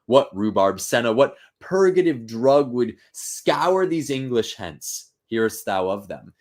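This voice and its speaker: A man reading the part of a desperate, embattled king aloud, slow and deliberate, with rising urgency. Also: medium pitch, big pitch swings, voice pushed up. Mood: commanding. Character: desperate tyrant king, male, middle-aged.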